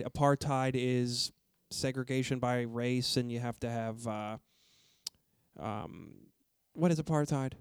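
A man's voice: medium pitch, steady tone, takes it slowly, smooth, no echo, clean studio sound. An American man hosting a casual interview, joking at his own expense and asking plain questions. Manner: jokey, self-deprecating, asks plain questions. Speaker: podcast host.

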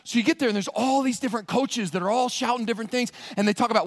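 A male pastor preaching a sermon, telling a story with lively acted-out voices and laughter. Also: high-pitched, rapid-fire, hardly any pauses.

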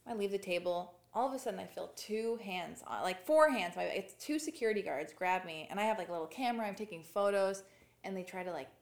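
A woman's voice: mid-range voice, animated, fast talker, creaky. A woman speaks with a slight lisp, rambling through a personal story in a loose, chatty way. She leans heavily on filler words as she goes. The sound has a noticeable roomy echo. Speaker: guest. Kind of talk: casual interview storytelling.

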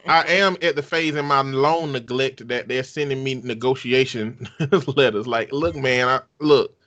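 A man's voice: mid-range voice, moderate pace, a bit bright. A man hosting a podcast in casual chat, laid-back and joking, often laughing. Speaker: podcast host.

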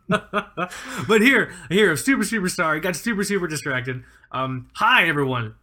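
Energetic, joking male podcast co-host. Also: sits high, a little slow. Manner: energetic, joking, laughs often. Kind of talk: casual podcast chat.

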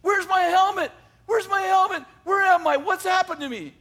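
A man voicing a panicked young male soldier who shouts in a raised, strained voice. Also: very high-pitched, moderate pace, voice pushed up, exaggerated voice. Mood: frantic.

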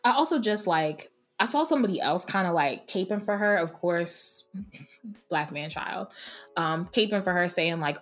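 A woman in her late twenties co-hosting a podcast in casual chat, with a sassy manner and quick asides. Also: fairly low pitch, expressive, soft background music. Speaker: podcast co-host.

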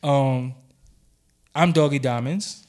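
A man's voice: medium pitch, slow pace, darkish tone. A man co-hosting a podcast in casual chat, telling blunt, profane stories about the old days. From Brooklyn, New York. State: has been drinking. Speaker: podcast co-host.

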